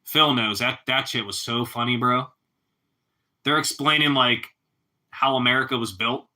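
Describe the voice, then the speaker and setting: A man's voice: mid-range voice, steady tone, normal speed, sharp tone. A man chatting casually with his livestream viewers in a laid-back way, laughing often and ending lines with "bro" and "man.".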